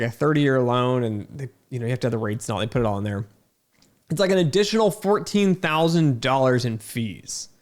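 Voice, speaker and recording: A man ranting in a frustrated, emphatic way, repeating himself with fillers and restarts. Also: fairly high pitch. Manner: irritated and incredulous. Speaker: video host. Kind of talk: frustrated talking-head rant.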